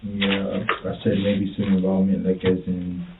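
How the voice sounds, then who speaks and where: A man being questioned about a killing, speaking in a rambling, halting way full of fillers and swearing. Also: deep voice, completely flat delivery, heavy background noise. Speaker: murder suspect being questioned. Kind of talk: interrogation confession. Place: police interview room. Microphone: room recording from a distance. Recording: tinny, echoey, distant room recording.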